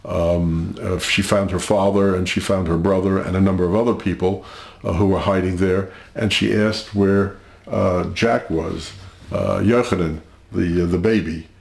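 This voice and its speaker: An older man tells his family's history in a very deep voice with a gravelly, creaky edge. He speaks slowly and haltingly, pausing often and filling gaps with "uh" and "um". The room around him adds a noticeable echo. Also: fairly even intonation, darkish tone. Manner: halting, measured, many pauses and fillers. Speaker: interview guest. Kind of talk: recounting family history in an interview.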